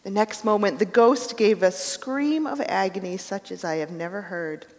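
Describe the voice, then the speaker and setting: A woman's voice: mid-range voice, normal speed. Woman preaching in an echoing hall. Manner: earnest storytelling, softening to hushed prayer. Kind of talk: sermon with read-aloud story. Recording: long hall reverb.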